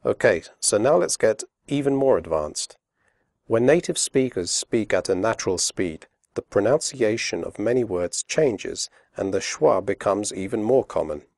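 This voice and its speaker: A man with a British accent teaching English pronunciation, modelling words and sounds slowly and clearly for learners. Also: fairly low pitch, lively intonation, a little mellow, dry recording, studio quality. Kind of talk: scripted instructional narration.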